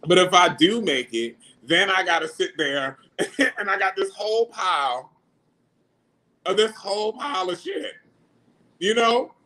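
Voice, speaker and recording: A man, hosting a casual livestream and chatting back to viewer comments in an animated, slangy way. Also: high-pitched, a little slow, pauses often. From New York. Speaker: livestream host.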